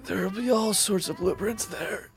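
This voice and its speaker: A man's voice: high voice, normal speed, vocal fry, soft background music, voice pushed up. A man voicing a frail, needy old male chain-smoker on oxygen, who gasps between words. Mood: wheezy. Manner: gasping between words, pleading.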